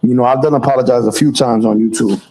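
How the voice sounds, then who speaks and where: A man's voice: mid-range voice, steady tone, fast, mellow, poor audio. A man chatting casually on a livestream, loose and profane, full of street slang and restarts. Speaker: livestream host.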